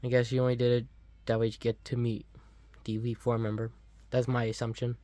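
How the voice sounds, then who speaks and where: A man's voice: medium pitch, monotone, fairly quick, warm tone, no echo. Young man, casual let's play commentary, rambling, hesitant, dry sound, close mic. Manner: rambling, hesitant, lots of restarts.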